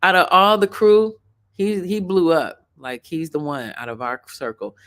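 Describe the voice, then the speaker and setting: A woman's voice: fairly low pitch, lively intonation, measured pace, a bit bright. Chatty Chicago-accented woman reacting. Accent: suburban Chicago. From Chicago, USA. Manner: rambling, chatty, talks straight to viewers. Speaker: host. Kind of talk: casual reaction commentary.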